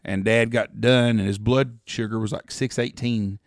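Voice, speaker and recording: A man's voice: lowish voice, steady tone, normal speed, no echo, clean studio sound. A middle-aged man, telling rambling, profane hunting stories as a podcast co-host. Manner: rambling, profane storyteller who acts out quotes. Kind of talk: casual storytelling chat.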